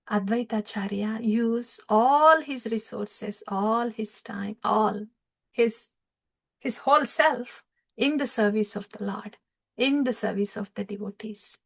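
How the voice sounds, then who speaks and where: A middle-aged woman giving a devotional storytelling lecture, speaking slowly and emphatically, repeating key words and chanting scripture verses. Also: mid-range voice. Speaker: spiritual speaker.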